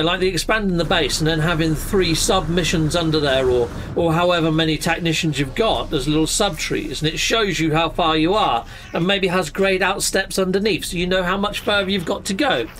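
A man's voice: sits high, a bit bright, slight background noise. A man commentating his gameplay in a chatty, exclamatory way, swapping in mild substitutes for swear words. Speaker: gaming channel host.

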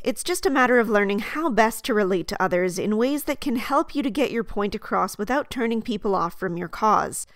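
A woman hosting her own video essay, reading a measured, articulate scripted commentary. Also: mid-range voice, dry recording, studio quality.

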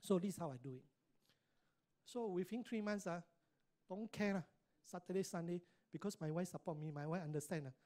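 A man's voice: high-pitched, a little fast, long pauses, dark tone. A middle-aged man with a Singaporean English accent gives a motivational talk at a business meeting, pressing the audience with constant checks for agreement. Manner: emphatic, keeps asking the audience "right?" and "correct or not?".

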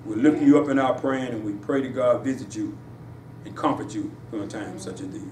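A man preaching a sermon in a church, with emphatic call-and-response delivery that rises in pitch on his punchlines. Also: brisk, darkish tone, distant mic. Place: church sanctuary. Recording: echoey church room, voice from afar, faint hiss.

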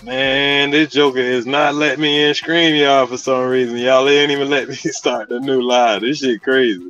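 A man's voice: medium pitch, steady tone, normal speed, a bit bright, faint music behind. Laid-back man hosting a lo-fi livestream. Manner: laid-back, talks to chat. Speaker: livestream host. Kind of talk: casual livestream chat.

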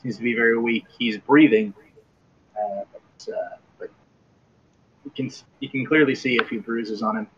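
A man with an Australian accent narrating a tabletop game as game master, pausing often with fillers as he describes scenes. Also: medium pitch, fairly bright tone, highs cut off, a little hiss or hum. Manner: hesitant, with many uh fillers while describing scenes.

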